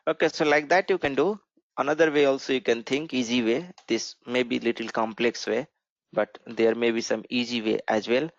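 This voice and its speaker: Guy explaining code step by step, keeps saying right?, kinda gravelly, dull dry mic. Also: medium pitch, steady tone, moderate pace, no room sound. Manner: explanatory, asks "right?" often. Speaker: programming instructor. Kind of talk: screen-share coding tutorial.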